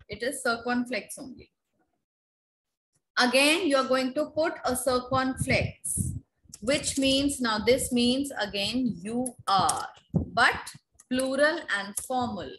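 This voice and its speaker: A woman with an Indian accent teaching a French class online, repeating drills slowly for students to echo over a video call. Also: a little high, a bit bright, slight background noise. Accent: Indian English.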